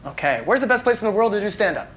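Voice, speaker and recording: A woman interviewing from off camera, firing playful questions at a quick clip. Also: medium pitch, expressive, breathy edge. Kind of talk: upbeat rapid-fire questioning.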